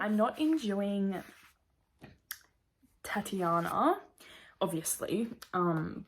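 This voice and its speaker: A young woman talks through her reading in a loose, gushing vlog style, her voice breathy and a little husky. She rambles warmly from thought to thought and slips into soft whispers now and then. Her pitch sits in an ordinary middle range. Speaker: book vlogger. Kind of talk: casual reading vlog chat.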